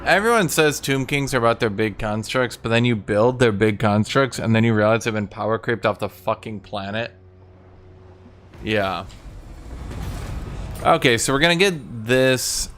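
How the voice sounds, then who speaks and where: A man's voice: medium pitch, moderate pace, fairly bright tone, a little hiss or hum. Sardonic man commenting on a game. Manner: offhand and sardonic, swears casually. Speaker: streamer. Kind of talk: casual gameplay commentary.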